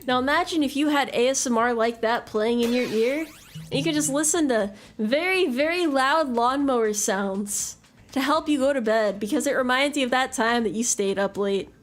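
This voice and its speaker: A woman with a high voice chats casually with her viewers while she plays a game. She rambles, swears freely and answers messages as they come in. Soft music plays faintly underneath. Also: normal speed. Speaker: game streamer.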